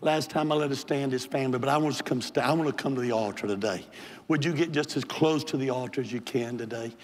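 Speaking fast in a mid-range voice, an older bishop pleads through a Pentecostal sermon and altar call that swells into hollering. The big church sanctuary wraps everything in long hall reverb.

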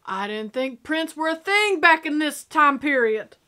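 A sassy young woman gives excited reaction commentary on a movie. Her voice is high, bright and very lively. A little noise sits behind her. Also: unhurried. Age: young adult. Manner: sassy, excitable, talks back to the screen.

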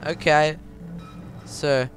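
A man playing a voice-controlled game and talking to his viewers in a chatty, confused way, now and then breaking into loud high yells, with his mic held close to his mouth. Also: steady tone, extremely slow, soft background music. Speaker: gaming YouTuber. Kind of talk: casual let's play commentary. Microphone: handheld mic held close to the mouth.

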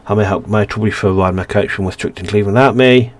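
A man's voice: lowish voice, rapid-fire, close to an everyday voice. A man voicing a snubbed young noblewoman in a story game, reading her pleas plainly in his own voice. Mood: pleading.

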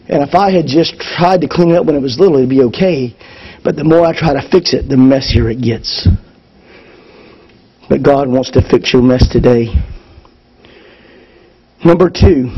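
A man preaching a sermon to his congregation, moving between loud fervor and hushed lines. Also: a little high, breathy edge, lo-fi sound. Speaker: pastor. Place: church service.

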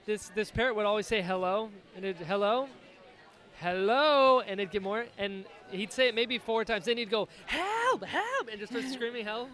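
A man hosting a podcast in casual chat, easygoing and quick to laugh, with short agreeing replies. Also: high-pitched, steady tone, fairly bright tone. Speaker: podcast host.

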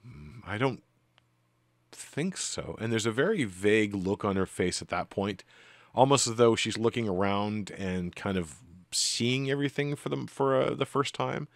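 Low-voiced man running a tabletop game. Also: normal speed, creaky, no room sound. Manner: relaxed, many fillers. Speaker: game master.

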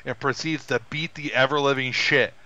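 Talking at normal speed over dull audio, a podcast co-host retells a film with lots of energy in casual conversation. He slips into high, put-on voices whenever he quotes characters.

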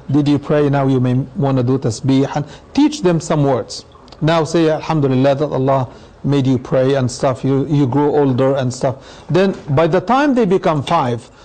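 A man's voice: on the high side, warm tone, poor audio. A middle-aged man, an imam, giving an explanatory talk to an audience, using anecdotes and taking questions. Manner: explanatory, uses anecdotes and acted quotes.

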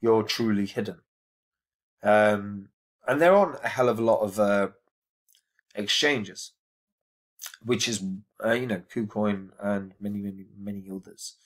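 Man, crypto reviewer, casual talk, earnest, emphatic, somewhat low voice. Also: a little slow, pauses often. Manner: earnest, emphatic, repeats phrases for stress.

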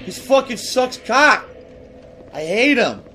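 A man's voice: extremely high pitch, very animated, takes it slowly, pushed and bright, slight background noise. A man giving live gameplay commentary, ranting with profane frustration and heavy sarcasm. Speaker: gaming streamer.

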